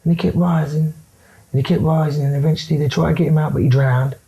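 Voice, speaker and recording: A man's voice: on the high side, fairly even intonation, fast talker, gravelly, mellow, pitched above the performer's own voice, poor audio. A man voicing a tough, cheeky older convict who swears and keeps repeating himself. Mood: probing.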